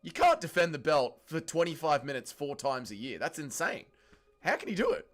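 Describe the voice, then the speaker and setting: A man with an Australian accent hosting a casual livestream, ranting in a profane, excitable way. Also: on the high side, normal speed, soft background music. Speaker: livestream host.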